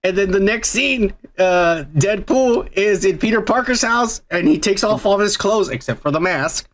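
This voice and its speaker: High-voiced man rambling on a podcast. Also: expressive, moderate pace. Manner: rambling, profane storytelling with frequent "uh". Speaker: podcast host. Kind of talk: crude casual chat.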